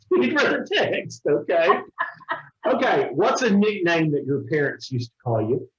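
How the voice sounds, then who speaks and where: Oklahoma guy, jokey interviewer, bouncy pitch, kinda muffled echoey room. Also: sing-song, measured pace. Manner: joking, laughs often. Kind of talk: quick-fire interview questions. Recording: roomy, dull lo-fi sound.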